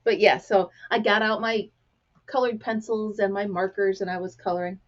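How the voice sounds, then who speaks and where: A woman with a gravelly voice, chatting casually to camera as a crafting vlog host and acting out the people in her stories. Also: medium pitch, fairly even intonation, normal speed, muffled recording. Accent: American. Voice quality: gravelly, clears throat often. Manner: chatty storyteller, acts out quotes.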